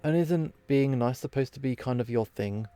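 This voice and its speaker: A man voicing a calm, kind female reindeer who tries to keep the peace. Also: medium pitch, normal speed, clear, resonant tone, natural voice. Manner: gentle and reasoning.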